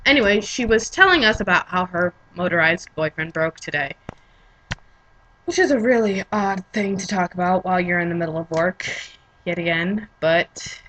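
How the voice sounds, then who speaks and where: Young woman from Pennsylvania, bright, chatty vlogger who rambles and corrects herself mid-sentence. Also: lowish voice, animated, moderate pace, slight background noise, low-quality recording. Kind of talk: casual storytelling vlog.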